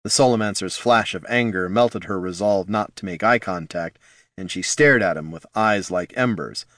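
A man narrating a fantasy audiobook in an expressive storytelling manner. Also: low voice, normal speed, no room sound, studio quality.

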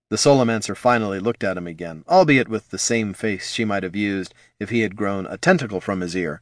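A man narrating a fantasy audiobook in an expressive storytelling manner. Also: fairly low pitch, brisk, hardly any pauses, no room sound, clean studio sound.

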